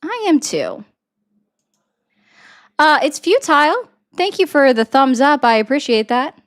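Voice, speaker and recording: A woman's voice: high-pitched, lively intonation, unhurried. A woman doing blunt, sarcastic political commentary on a livestream, reading and answering viewer comments. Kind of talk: casual live-stream commentary reading chat.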